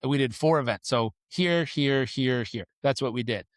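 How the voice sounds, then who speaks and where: A man telling stories as a guest on a podcast interview, lively and acting out the people in his stories. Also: mid-range voice, moderate pace, no echo. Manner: animated storyteller who acts out the people in his stories.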